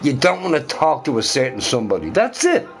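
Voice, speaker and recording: A man's voice: medium pitch, huge pitch swings, a little fast. Rambling, swearing middle-aged man streaming. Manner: rambling and profane, repeating himself. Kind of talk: casual live-stream chat. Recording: faint music behind.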